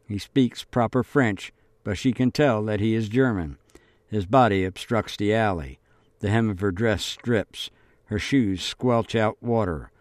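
A man narrating an audiobook in a measured, deliberate reading. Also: on the low side, no room sound.

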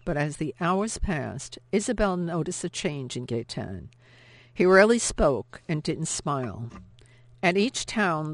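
A woman narrating a novel in a measured, steady, expressive way, recorded close to the mic. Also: low-pitched, no room sound. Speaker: audiobook narrator. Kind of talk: scripted narration.

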